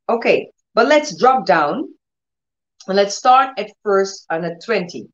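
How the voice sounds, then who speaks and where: A woman with a higher-pitched voice preaches a conversational sermon with Bible reading on her own channel, recorded muffled in an echoey room. She is earnest and repetitive, restarting often and putting direct questions to her listeners.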